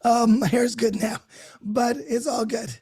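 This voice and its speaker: Woman host, soft mellow tone, slightly high, effusive and laughing, chatting live from her home. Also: steady tone, measured pace, husky. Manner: chatty and effusive, laughs often, restarts words. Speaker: host of a group call. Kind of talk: casual unscripted chat to a live group. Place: her own home, great room by a Christmas tree.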